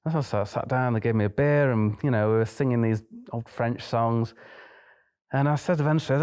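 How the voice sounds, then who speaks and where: A man's voice: mid-range voice, moderate pace, darkish tone, clean tone. A young man, a pianist being interviewed, chatting through a travel story and acting out the dialogue in it.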